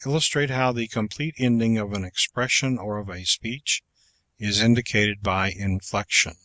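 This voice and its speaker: A man reading a public speaking textbook aloud as audiobook narration, in a slow, measured way through numbered exercises. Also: lowish voice, fairly even intonation, pushed and bright, no room sound.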